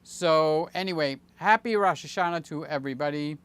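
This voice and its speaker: A man in his late sixties hosting a casual livestream, chatting in a rambling, jokey way with many fillers and sudden excited jumps. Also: fairly high pitch, normal speed, clear, resonant tone. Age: 60s. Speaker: channel host.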